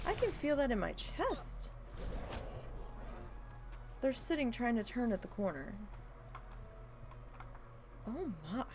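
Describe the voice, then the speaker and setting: A woman with a slightly high voice takes her time and pauses often, with a little hiss or hum in the background. Chatting casually on her game stream, she sounds stuffy and is losing her voice from allergies, yet she rambles through a story, acting out the quotes and getting lively when quoting her dog.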